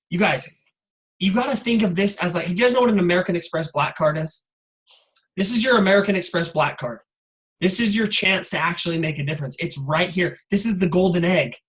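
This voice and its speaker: Man with a high voice, high-energy motivational speaker, casual filler-heavy delivery. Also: fairly quick, low-quality recording. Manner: energetic, casual, many "like" and "you guys" fillers. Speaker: guest speaker on a sales call. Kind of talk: motivational call talk.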